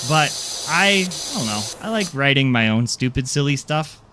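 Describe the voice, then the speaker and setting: A man's voice: medium pitch, animated, moderate pace, noisy background. A man streaming a game, chatting casually with his viewers in a rambling, self-deprecating way. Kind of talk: casual live-stream chat.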